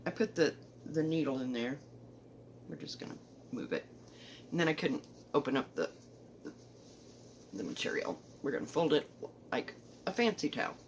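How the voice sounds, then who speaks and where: A woman with a Southern accent, chatting casually about her stitching at home, rambling, correcting herself and often trailing off softly. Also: low-pitched, animated, moderate pace, pauses often, a little hiss or hum, poor audio. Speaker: cross-stitch vlogger. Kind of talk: casual show-and-tell chat. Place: home, indoors.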